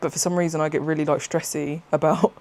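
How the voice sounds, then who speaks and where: With a mid-range voice and a quick pace, a craft vlogger chats casually on camera. She rambles, gets excited, laughs a lot and keeps interrupting herself mid-thought.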